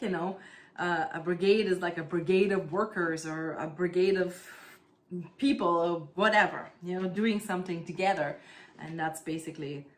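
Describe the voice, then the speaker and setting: Casual woman in her 30s chatting away while potting plants, lots of fillers, camera mic at home, bit of background noise. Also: lowish voice. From East Germany. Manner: chatty, many fillers, laughs while telling stories. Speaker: vlogger. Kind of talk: casual chat while doing plant chores.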